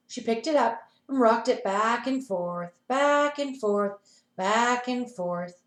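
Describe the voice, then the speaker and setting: A woman playschool teacher reads a picture book to children over a video call, stopping for animated asides. Her voice is high and sounds roomy and echoey. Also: slow pace.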